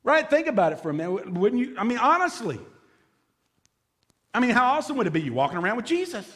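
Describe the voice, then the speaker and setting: A man preaching a sermon in a church, speaking in a notably high voice. He keeps the tone loose and conversational, dropping playful jokes between his points. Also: sing-song, fast, fairly bright tone. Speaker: pastor.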